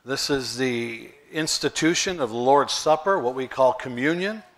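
A man's voice: medium pitch, moderate pace, a bit bright. A male pastor, preaching a sermon in a conversational way with rhetorical questions.

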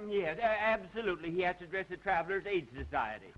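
Sardonic secretary, higher voice, roomy distant old film sound. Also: male voice, big pitch swings, fast, dull audio, slight background noise. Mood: teasing. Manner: sardonic, teasing. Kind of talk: 1930s film acting.

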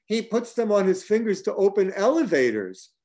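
A man voicing a giggling dinner companion who shrieks with excitement. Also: slow pace. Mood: amused. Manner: high, excited, laughing.

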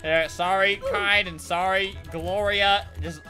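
A man hosting a casual gaming video, joking around with a friend and breaking into loud yelps. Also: sits high, fairly even intonation, measured pace, music in the background. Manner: playful, jokey, bursts into loud yelps.

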